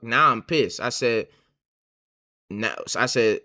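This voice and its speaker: A man's voice: medium pitch, expressive, a little slow, long pauses, bright, forceful tone. Slangy young man telling a heated storytime. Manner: slangy, swearing, heated retelling. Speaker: storytime streamer. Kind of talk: casual storytime reading texts aloud.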